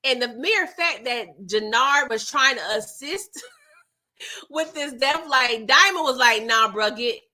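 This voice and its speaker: A woman giving a casual, slangy, expressive recap of a TV episode as the channel's host. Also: sits high, slow. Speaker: TV recap vlogger.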